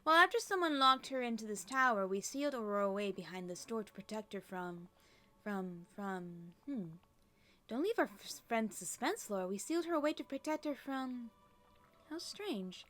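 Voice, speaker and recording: A woman's voice: a little high, animated, moderate pace, a bit bright. A woman reading game dialogue aloud as kindly, fussy old fairy aunts who call everyone dear. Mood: sweet, doting. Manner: sweet, doting, calls everyone dear. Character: kindly elderly female fairies, motherly and fussy.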